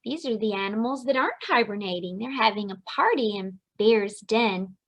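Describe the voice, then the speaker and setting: A woman preschool teacher reading a picture book aloud to young children and explaining it in an expressive way. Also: mid-range voice, normal speed, lo-fi sound.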